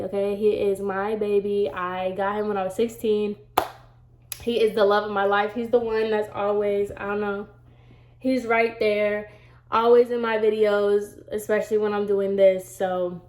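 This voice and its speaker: A woman's voice: medium pitch, a little mellow. Young woman vlogger, stuffy from a cold, rambling storytime chat, roomy home echo. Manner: chatty, rambling, lots of "like" and "y'all". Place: home room.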